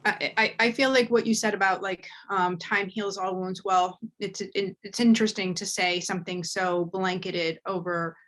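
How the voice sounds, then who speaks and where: A woman's voice: mid-range voice, fairly even intonation, normal speed, few pauses, fairly bright tone. A woman hosting a live show and giving a medium reading, talking in an earnest, emotional way as she relays messages. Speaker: medium and host. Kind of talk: live spiritual reading chat.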